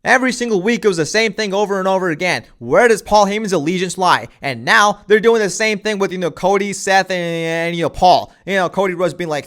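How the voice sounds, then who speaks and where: Young man, wrestling reviewer, exasperated, ranting, filler-heavy, higher-pitched voice. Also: a little fast, few pauses, fairly bright tone. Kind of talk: casual opinionated review.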